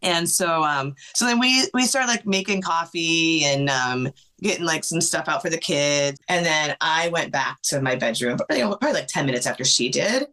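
A woman with a low-pitched yet bright, forceful voice, telling a personal story as a guest in a conversation. She talks in an emotional, fast-flowing stream full of fillers and restarts, pushing on from one moment to the next. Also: expressive. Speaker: podcast guest.

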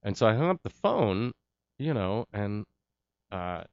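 A man, an actor and interview guest, tells an animated anecdote and voices the quotes of the people involved. He talks a little slowly in a low voice, and the recording is dry and muffled.

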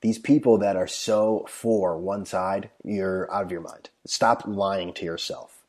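A man's voice: low voice, steady tone, normal speed, a little mellow. An American man telling a rambling, blunt, profane story in a casual monologue, recorded on a headphone microphone. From United States.

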